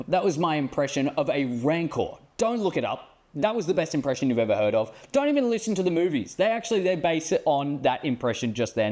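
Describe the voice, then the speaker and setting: Man, co-host, goofy jokey banter, fairly high voice, very lively pitch. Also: quick pace, hardly any pauses. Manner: jokey, goofy, playful asides. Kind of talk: comedic casual banter.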